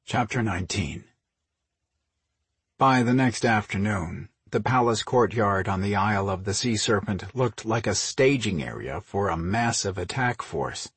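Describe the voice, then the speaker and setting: A man narrating an audiobook in a steady, unhurried reading, close on the microphone. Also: on the low side, slightly rough, no room sound. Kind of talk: scripted narration.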